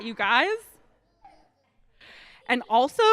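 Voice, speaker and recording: A woman's voice: a little high, slow pace, pauses often. Playful woman minister in a reverberant hall. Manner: playful and expressive, speaking to children. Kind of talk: reading a children's story aloud during a service. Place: church sanctuary. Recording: long reverb of a large hall.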